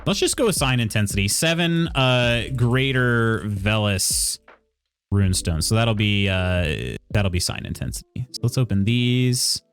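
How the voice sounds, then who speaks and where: A man's voice: fairly low pitch, animated, measured pace, clean tone, faint music behind. A man streaming a video game live, chatting casually and thinking aloud with lots of fillers and questions to himself. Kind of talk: casual live-stream chat while playing.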